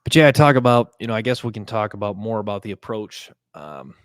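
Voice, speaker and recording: A man's voice: on the low side, big pitch swings, fast talker, no room sound. A young man hosting a podcast, talking in a casual, rambling monologue full of fillers and restarts. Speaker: podcast host.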